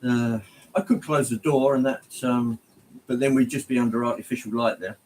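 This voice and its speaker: A man's voice: mid-range voice, fairly even intonation, moderate pace, a little mellow, rough recording. A man hosting a casual livestream, greeting viewers by name and rambling along with plenty of ums. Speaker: livestream host. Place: home hobby room, indoors.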